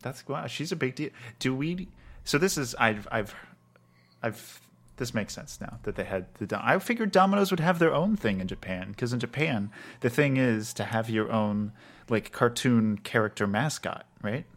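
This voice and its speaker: A man's voice: mid-range voice, expressive, moderate pace. A man co-hosts a casual podcast, thinking aloud as he talks. He rambles, stops and restarts his sentences often. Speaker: podcast co-host.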